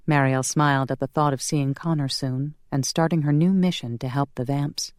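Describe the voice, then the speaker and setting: An audiobook narrator reading a romance in a measured, calm manner. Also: mid-range voice, dry recording, clean studio sound. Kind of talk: scripted narration.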